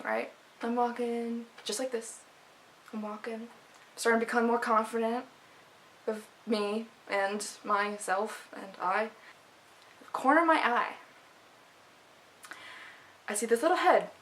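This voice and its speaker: A woman's voice: a little high, a bit bright, low-quality recording. A young woman vlogger telling a personal story in a casual, chatty way, full of fillers and restarts.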